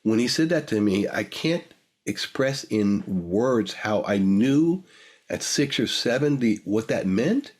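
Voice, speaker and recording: A man's voice: on the low side, lively intonation, takes it slowly, a little mellow. An older man, a guest, telling a personal story in a reflective, emotional way, repeating phrases for emphasis.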